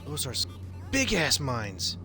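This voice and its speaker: A man streaming a game live, commenting excitedly and swearing often. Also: medium pitch, unhurried, over music. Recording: noisy stream audio.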